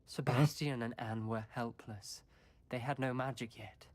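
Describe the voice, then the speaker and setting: A man's voice: medium pitch, steady tone, a little slow, a little mellow, natural voice. An actor playing an earnest, protective young male wizard student who reproaches a friend. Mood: somber.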